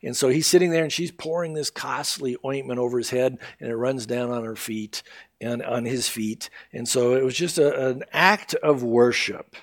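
A male pastor preaching a sermon in a conversational, animated way, with casual asides to the congregation. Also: mid-range voice, moderate pace.

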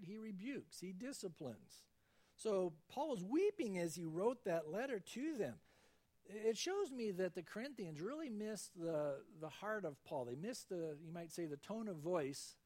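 Man, pastor, high voice, conversational sermon, acts out quoted voices. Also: darkish tone.

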